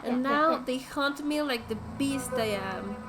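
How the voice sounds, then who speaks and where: A woman voicing a bitter, cursed young male monster in a game, speaking low and muffled with resentment. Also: unhurried, music in the background. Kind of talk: reading game dialogue aloud.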